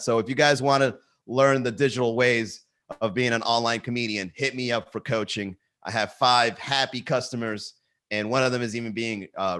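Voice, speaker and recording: The speaker is a man with a mid-range, slightly bright voice. He's a comedian doing a loose solo livestream from his garage, addressing a camera, riffing and laughing at his own material.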